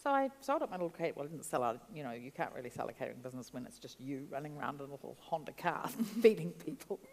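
Low-voiced lady telling food stories, chatty, some hall reverb. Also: quick pace. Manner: chatty, animated storytelling with laughs. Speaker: guest, food writer. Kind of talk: storytelling interview answers.

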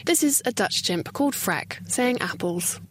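A woman's voice: fairly high pitch, animated, a little slow, a little hiss or hum. A woman reporter narrating a scripted science report in a playful way.

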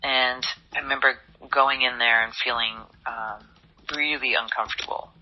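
A woman telling her own story in an interview, speaking softly and haltingly and often dropping to a hushed near-whisper. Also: rumbling low, fairly even intonation, highs cut off, slight background noise. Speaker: interview guest, model.

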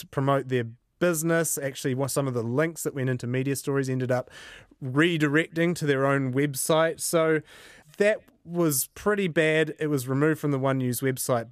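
A man in a casual radio chat, earnest and quick to argue a point, with jokes. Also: medium pitch, dry recording, studio quality. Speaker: media reporter.

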